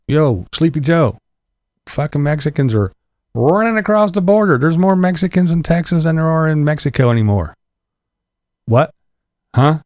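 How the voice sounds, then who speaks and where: A man's voice: on the high side, darkish tone, no room sound. A man delivering an angry, profane political rant with blunt sarcasm. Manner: angry, blunt, heavy swearing, sarcastic laughs. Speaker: political commentator vlogger.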